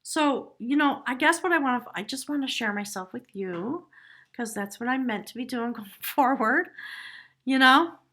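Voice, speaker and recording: Woman doing a tarot live stream at home, bright clear voice, earnest and kind of dreamy. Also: high voice, expressive, normal speed. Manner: earnest, spiritual musing with soft hushed asides. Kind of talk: casual reflective live-stream monologue. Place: her home cottage. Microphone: device camera.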